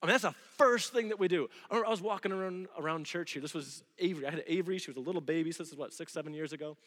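Animated male preacher in a reverberant hall. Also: on the high side, racing. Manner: animated storytelling, acting out quoted voices. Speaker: pastor. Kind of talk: sermon. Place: church sanctuary.

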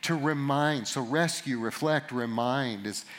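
A middle-aged man giving a sermon to a live audience, telling a story about himself with animated, self-mocking humor. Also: medium pitch, measured pace. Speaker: pastor or conference speaker.

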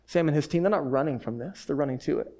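Brief: male pastor, a touch high-pitched, informal and animated, sermon delivery. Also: fast. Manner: animated, conversational storytelling with frequent "like".

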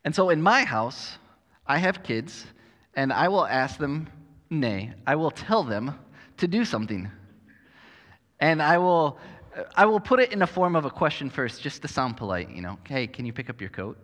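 Conversational pastor in a reverberant hall. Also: male voice, fairly high pitch, very animated, normal speed, a bit bright. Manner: conversational, self-deprecating humor. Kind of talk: sermon.

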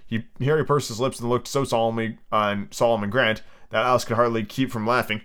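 A man's voice: medium pitch, steady tone, fast, few pauses, fairly bright tone, clear, resonant tone. A tipsy man hosting a podcast, reading a book aloud in a casual, stumbling way with restarts. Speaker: podcast host.

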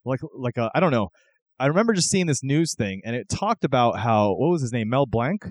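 A man's voice: medium pitch, very animated, brisk, darkish tone, no room sound. A man hosting a casual chat, talking in a reflective, rambling way with frequent restarts. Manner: chatty, reflective, lots of restarts.

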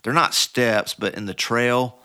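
A man's voice: mid-range voice, measured pace, sharp tone, clean tone, no room sound, clean studio sound. A middle-aged man, a podcast guest, telling a story casually with many fillers and restarts.

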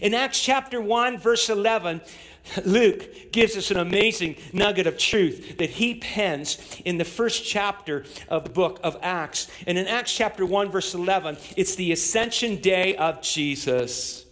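Pastor, male, high voice, delivers a sermon that rises to emphatic, near-shouted calls. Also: a little slow. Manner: builds to emphatic, shouted exhortation. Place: church with in-person and online audience.

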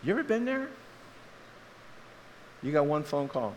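A middle-aged man from Maryland preaching a sermon, an animated storyteller who tosses in joking asides. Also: on the high side, a little slow. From Maryland, USA. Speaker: pastor. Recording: reverberant hall, faint hiss.

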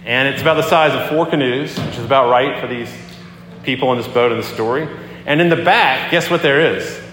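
A man preaching a sermon as a pastor, talking in a conversational, animated way as he tells a story and acts out the quotes. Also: mid-range voice, fairly quick, a little hiss or hum. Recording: echoey hall with long reverb.

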